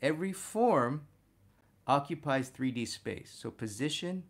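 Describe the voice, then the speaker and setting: A man teaching figure drawing and talking through a study, energetic and punctuating his points with "boom". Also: a little slow. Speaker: art instructor.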